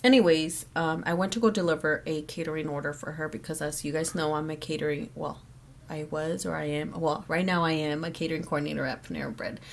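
A woman's voice: sits low, steady tone, fast, creaky. A young woman telling a personal story to camera in a casual vlog, with lots of fillers and acted-out quotes from the people involved. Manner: chatty, many fillers and quoted dialogue. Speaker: vlogger. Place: her bedroom.

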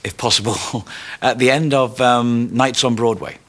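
Man remembering old studio days, steady mid voice, slow easy storytelling. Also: mid-range voice. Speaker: interviewee. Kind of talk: reminiscing interview.

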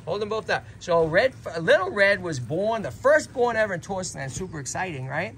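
A man hosting a casual outdoor vlog at a tortoise sanctuary, energetic and animated, constantly checking in with "right?". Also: high-pitched, a little fast, slight background noise.

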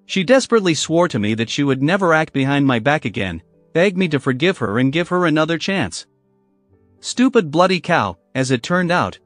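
A man's voice: a little high, dry recording. A man narrating a first-person revenge story in a bitter, controlled way. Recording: dry voice with faint music behind.

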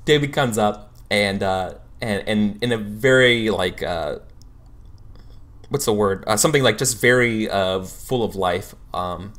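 A man narrating as game master in an improvised tabletop role-play, pausing often to search for words. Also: lowish voice, a bit bright. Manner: halting, searches for words with many fillers.

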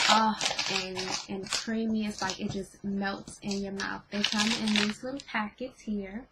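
A woman's voice: mid-range voice, noisy background. A woman casually reviewing her favorite beauty and snack products for her vlog, gushing and repeating her praise. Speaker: beauty vlogger.

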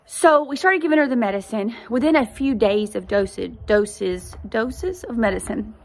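Woman, mother, podcast host, slightly higher voice, earnest conversational faith testimony. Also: normal speed.

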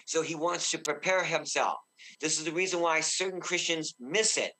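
A man preaching fervently as a guest minister, shouting bursts of praise and slowing to a deep, solemn tone when he quotes God. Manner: slows and deepens when quoting God. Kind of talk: excited preaching in a talk show interview.

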